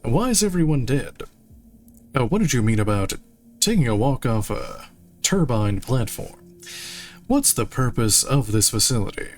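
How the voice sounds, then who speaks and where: A man's voice: medium pitch, sing-song, unhurried. A man streaming a video game, reading dialogue options aloud with dry, jokey asides at a desk microphone. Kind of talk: casual gameplay commentary.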